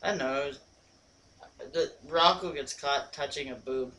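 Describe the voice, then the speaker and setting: A man's voice: mid-range voice, moderate pace, pushed and bright, recorded from a distance, rough recording. A man co-hosting a casual movie review podcast. He talks in a laid-back way, agrees a lot and swears casually. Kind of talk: casual chat retelling a movie.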